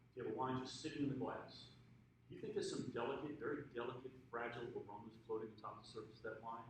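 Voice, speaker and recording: A man's voice: mid-range voice, recorded from a distance, slight background noise. Man teaching wine from across an echoey room. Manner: playful, joking asides, rhetorical questions. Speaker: wine instructor. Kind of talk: lively classroom lecture. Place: training room with a group.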